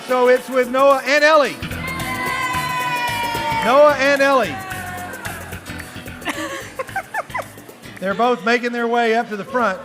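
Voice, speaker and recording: A man's voice: extremely high pitch, big pitch swings, takes it slowly, long pauses, big-room sound, music in the background, a crowd in the background. A man hosting a live youth group show, playful and chatty, coaxing kids along with encouragement.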